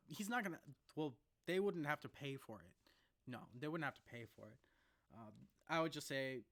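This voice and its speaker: A man's voice: a little high, expressive, a bit bright. Young man rambling casually to camera. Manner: rambling, laughs often, jumps between fast and slow. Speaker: vlogger.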